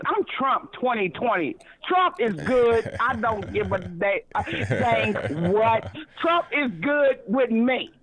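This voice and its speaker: A woman's voice: fairly high pitch, fairly bright tone. A woman calling in to a talk show, effusive and rambling, full of ums and restarts. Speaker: caller. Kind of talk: excited phone call to a talk show. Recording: tinny phone line.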